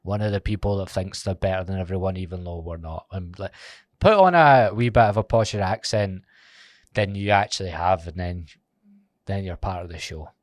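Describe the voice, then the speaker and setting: A man's voice: low voice, normal speed, dry recording, clean studio sound. A Scottish man in his twenties with a Glasgow accent, hosting a casual podcast chat, joking, teasing and swearing freely. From Scotland. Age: 20s. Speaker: podcast host.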